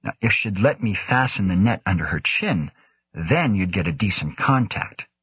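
Man doing a calm, earnest young researcher. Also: lowish voice, moderate pace, husky, dry recording, full character voice. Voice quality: calm, reasonable.

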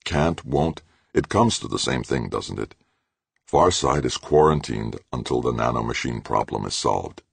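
A man's voice: extremely low pitch, animated, unhurried, gravelly, slightly rough, no echo, full character voice. A man playing a young leader who speaks firmly and reasonably. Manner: reasonable, firm. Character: young man leading a moonbase, firm.

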